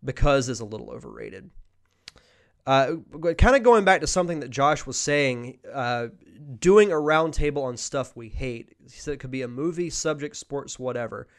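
A man's voice: mid-range voice, big pitch swings, normal speed, vocal fry. A young man hosting a podcast, chatting casually through a live Q&A, reading viewer questions aloud and answering off the cuff. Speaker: podcast host.

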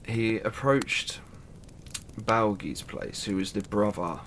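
A man's voice: lowish voice, takes it slowly, fairly bright tone, slight background noise. A man casually retelling a myth, chatty and irreverent, with asides and the odd swear. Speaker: storyteller.

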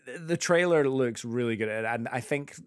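A man co-hosting a casual film chat, enthusiastic and halting. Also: medium pitch, clean tone, dry recording, clean studio sound. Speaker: podcast co-host. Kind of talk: casual chat about films.

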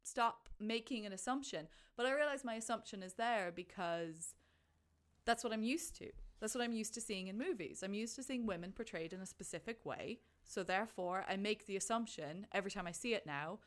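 A young woman in casual conversation about a film, chatty and animated, acting out her own thoughts in quotes. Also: mid-range voice, a little fast.

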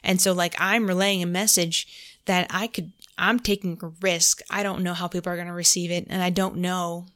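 On her casual faith podcast, the host tells a story in a lowish, fairly bright voice, delivered flatly at a moderate pace. "Like" comes up again and again, and she quotes her own prayers aloud between parts of the story.

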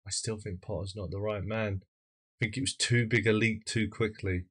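Man, podcast host, lowish pitch, jokey, chatty, self-mocking. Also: fairly even intonation, moderate pace, fairly bright tone, breathy edge. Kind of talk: casual chat.

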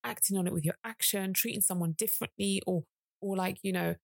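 A woman co-hosting a casual late-night chat show, telling stories in an animated, emphatic way with frequent asides. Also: mid-range voice, a little fast, vocal fry, no room sound, clean studio sound. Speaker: podcast co-host.

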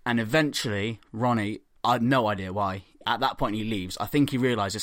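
Young man, podcast host, comic storytelling, swearing, mid pitch, dry close sound. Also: normal speed, few pauses, no echo. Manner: animated, swearing, acting out quotes.

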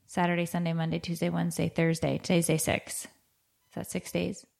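Middle-aged woman podcast host, lowish voice, rambling casual storyteller. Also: completely flat delivery, brisk, vocal fry, darkish tone. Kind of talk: casual chat.

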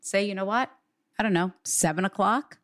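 A woman's voice: medium pitch, normal speed, a bit bright, no echo, clean studio sound. A woman working as a psychic medium, giving an earnest, reassuring reading in conversation. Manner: earnest, reassuring, relays quotes in a raised voice.

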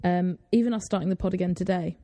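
A woman's voice: lowish voice, fast talker, warm tone, no echo. A woman, co-hosting a podcast in casual chat, telling stories and laughing often. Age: 20s. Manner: chatty storyteller, laughs often. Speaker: podcast co-host.

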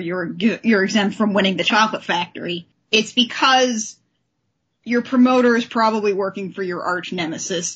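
A woman co-hosting a podcast who recaps an episode in a casual, animated way and often acts out the characters. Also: mid-range voice, breathy edge, highs cut off. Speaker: podcast co-host.

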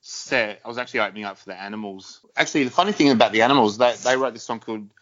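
A man's voice: mid-range voice, rapid-fire, fairly bright tone, lo-fi sound. An Australian man guesting on a podcast, telling rambling stories about his music career, swearing freely and laughing often. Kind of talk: casual podcast chat.

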